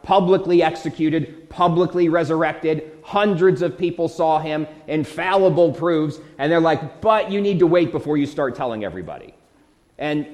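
A man preaching an earnest, conversational sermon as a pastor, asking his listeners rhetorical questions. His voice sits a little high for a man. It rings out with the long reverb of a church hall. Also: a little mellow.

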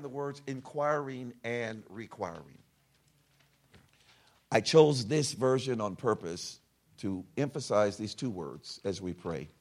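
A man preaching a sermon, leading a call-and-response prayer and swinging from hushed tones to shouted peaks. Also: animated, takes it slowly. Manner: swings from quiet intimate lows to shouted soaring highs. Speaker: pastor. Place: large church hall.

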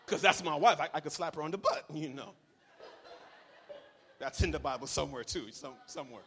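Young male preacher, playful and animated, call-and-response style, long reverb around him. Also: fairly high pitch, brisk, slight background noise. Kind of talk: lively sermon. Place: church hall. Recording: reverberant hall.

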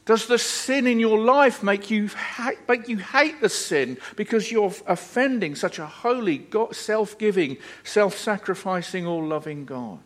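A man's voice: high voice, expressive, a little slow, hardly any pauses, a bit bright. A man preaching a sermon in an earnest, emphatic way, repeating phrases for weight.

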